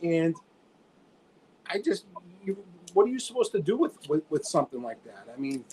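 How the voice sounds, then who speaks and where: A man's voice: a little high, sing-song, moderate pace, darkish tone, husky, low-quality recording. A man chatting casually as a podcast guest, laid-back and full of slang. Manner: laid-back, says dude a lot.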